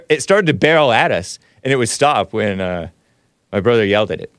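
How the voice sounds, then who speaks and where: A man hosting a call-in show, chatty and quick to laugh, often cutting himself off mid-sentence. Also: fairly low pitch, animated, smooth, no echo, studio quality. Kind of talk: casual call-in talk.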